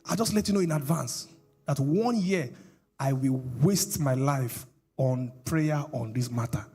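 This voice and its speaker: A man's voice: medium pitch, unhurried, a little mellow, husky. A middle-aged male pastor, preaching a sermon with call-and-response questions to the congregation.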